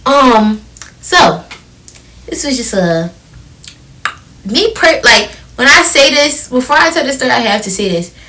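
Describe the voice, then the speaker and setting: A woman's voice: high-pitched, measured pace, pauses often, far from the mic. A seventeen-year-old girl co-hosting a podcast, chatting casually and telling stories with laughter. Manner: laughing, animated storytelling. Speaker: podcast co-host. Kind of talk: casual chat.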